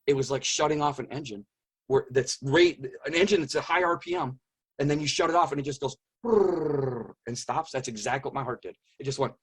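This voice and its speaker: Male interview guest, husky and a bit high, earnest, halting testimony. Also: a bit bright. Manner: earnest, halting, searching for words. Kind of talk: personal testimony in conversation.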